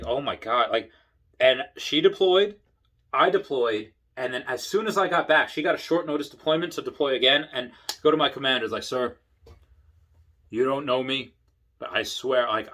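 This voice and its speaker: A tipsy man telling long, winding stories about his time in the service, swearing freely. He slips into other people's voices and shouts their lines now and then. His speech wanders and restarts as he goes. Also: mid-range voice. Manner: rambling, profane, acts out voices in bursts. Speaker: Air Force veteran telling stories. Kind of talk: casual storytelling to camera.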